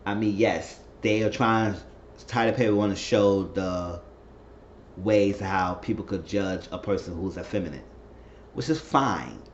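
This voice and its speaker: A man casually recapping a TV episode, rambling and animated. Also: unhurried. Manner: rambling, animated, mimics characters in falsetto. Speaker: TV recap vlogger. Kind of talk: casual review chat. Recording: echoey room, dull lo-fi sound, faint noise.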